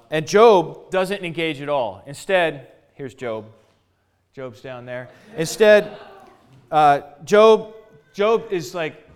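Guy preaching bible stuff casual, kinda high voice, keeps repeating words and talking slangy. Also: smooth. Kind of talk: conversational Bible teaching.

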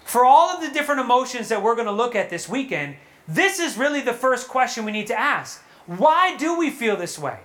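A woman giving a sermon to young adults at a retreat, animated and asking the audience questions. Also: fairly high pitch, fairly quick. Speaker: retreat speaker. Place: retreat hall.

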